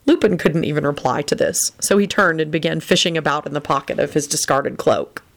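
A woman reading a romance story aloud in an expressive storytelling manner. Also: deep voice, brisk, few pauses. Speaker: reader.

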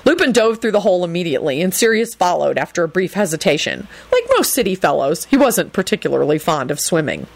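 A woman reading an audiobook in a lively, expressive storytelling manner. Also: on the low side, fast talker, gravelly, hardly any pauses, no room sound. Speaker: audiobook narrator. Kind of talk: audiobook narration.

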